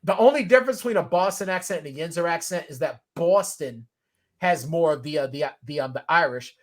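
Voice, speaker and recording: A man hosting a sports show in a loud, joking, rambling manner. His voice sits high for a man. He chats casually with his co-host. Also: animated, a little fast.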